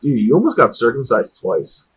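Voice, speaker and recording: A young man co-hosting a podcast, telling animated stories in casual chat and swearing a lot. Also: mid-range voice, normal speed, slightly rough. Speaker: podcast co-host.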